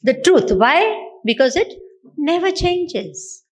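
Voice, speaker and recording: A woman with an Indian English accent, a spiritual teacher, gives a Vedanta discourse and keeps putting rhetorical questions to her listeners. Her voice is high, swings widely in pitch, and moves slowly.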